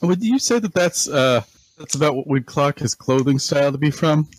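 A man playing a tabletop game, laid-back and quick to laugh. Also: a little high, lively intonation, husky. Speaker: player. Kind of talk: casual tabletop game play.

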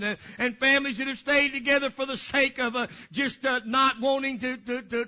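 High bright-voiced fervent preacher man. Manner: rambling, fervent preaching with many fillers. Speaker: pastor. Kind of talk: sermon. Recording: dull lo-fi recording.

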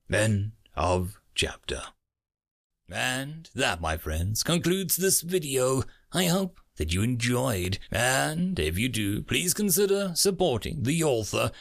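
Slow, gravelly male storyteller. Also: mid-range voice, a bit bright. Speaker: story narrator. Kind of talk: audiobook narration.

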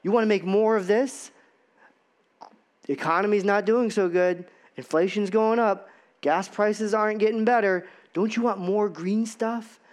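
A man's voice: high voice, unhurried. A man voicing Satan as a sly male tempter, coaxing and wheedling.

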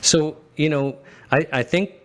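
A man, a lawyer, speaking earnestly as a guest in an interview, often pausing and restarting as he gets emotional. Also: on the high side, fairly even intonation, fairly bright tone, no room sound. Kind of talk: casual interview talk.

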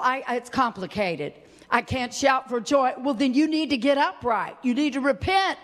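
A woman preaching a fervent sermon, shouting praise and voicing her listeners' doubts back at them. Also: sits high, big-room sound.

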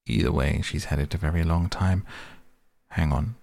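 A man's voice: rumbling low, moderate pace, vocal fry, darkish tone, no echo. A man voicing a sly, unimpressed cat that talks in a dry, faintly mocking way.

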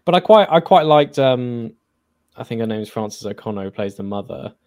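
A man's voice: mid-range voice, expressive, normal speed, darkish tone, no room sound, studio quality. An English man co-hosting a podcast, chatting casually about a film with many fillers and restarts. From England. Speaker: podcast co-host.

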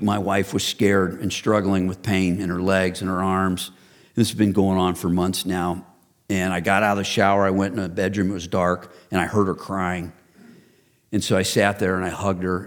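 A husky, fairly low-voiced man in his fifties preaches a sermon. He builds up with emphatic rhetorical questions and then sinks to a quiet, intimate hush. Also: fairly even intonation, normal speed. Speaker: pastor.

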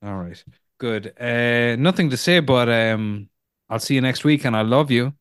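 A man co-hosting a film podcast, easygoing and teasing. His voice sits at an ordinary middle pitch. The sound is close and dry, with no room around it. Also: measured pace, smooth, dry recording. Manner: joking, teasing, laid-back. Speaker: podcast co-host. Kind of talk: casual chat.

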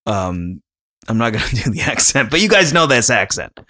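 A man's voice: mid-range voice, sing-song, normal speed, sharp tone. Chatty man rambling on a podcast. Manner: chatty, rambling, laughs often. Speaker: podcast co-host. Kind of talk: casual podcast chat.

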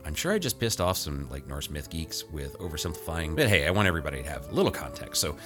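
Deep-voiced chatty man over music. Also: sing-song, quick pace. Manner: chatty and informal. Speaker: podcast host. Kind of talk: casual story introduction.

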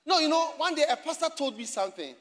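High bright voiced pastor guy preaching in church, shouty and laughing, talks right at the crowd. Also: animated, fast. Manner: talks directly to the congregation and online viewers. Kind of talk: sermon.

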